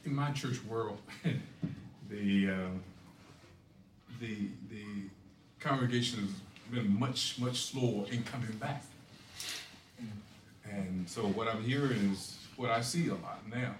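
Male church leader in the audience, halting questions, voice far off in an echoey hall. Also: on the low side, slight background noise.

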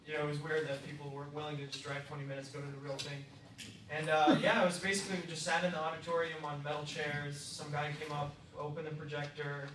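Quick, hesitant man asking from afar. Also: a little high, flat delivery, a bit bright. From Seattle, USA. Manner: hesitant, many fillers and restarts. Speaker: audience member asking a question. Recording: distant voice in an echoey hall with noise.

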